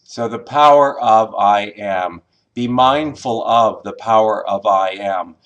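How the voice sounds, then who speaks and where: A man teaching a recorded spiritual class as a minister, in a measured way with pauses and some filler words. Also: lowish voice, fairly bright tone, highs cut off.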